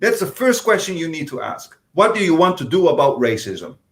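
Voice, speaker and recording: In an echoey room, a male panel guest in a political discussion makes his points earnestly, his fairly high voice very animated and brisk. He keeps stopping and restarting hesitantly.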